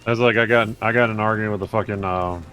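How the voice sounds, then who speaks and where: A man's voice: lowish voice, steady tone, quick pace, bright, forceful tone, soft background music. A man chatting casually with friends over voice chat while gaming, telling rambling, profane stories. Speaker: gamer in voice chat.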